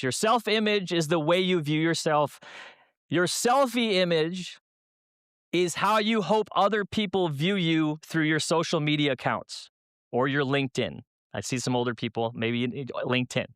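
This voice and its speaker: A man's voice: a little high, fairly bright tone, clean tone, no echo, clean studio sound. A man from Minnesota speaking as a guest at a church youth night, telling funny stories and asking the room rhetorical questions. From Minnesota, USA. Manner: humorous storyteller with rhetorical questions. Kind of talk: youth talk at a church event.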